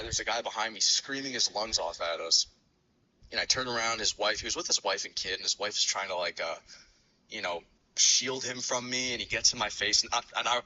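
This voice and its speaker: A man's voice: lowish voice, bright, forceful tone, muffled recording, a little hiss or hum. A man in his thirties from New York City, rambling through profane personal stories on his stream with many fillers. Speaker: streamer host. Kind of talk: casual storytelling on a stream.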